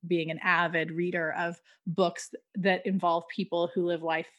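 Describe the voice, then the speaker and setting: A woman's voice: on the low side, flat delivery, unhurried. A woman hosting a podcast interview, with English lightly shaped by a Spanish accent, speaking effusively and with enthusiasm. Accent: Spanish-influenced English. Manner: warm, effusive, enthusiastic praise. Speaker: podcast host. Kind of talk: casual interview chat.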